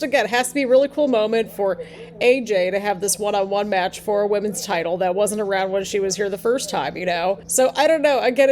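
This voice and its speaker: Young female reaction host, bubbly and effusive, slightly high voice. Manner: excitable, gushing, lots of "like" and "oh". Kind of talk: live reaction commentary.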